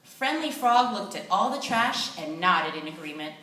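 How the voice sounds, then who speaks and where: A woman narrating a children's play with lively, expressive storytelling. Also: on the low side, moderate pace. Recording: echoey room, distant mic, faint noise.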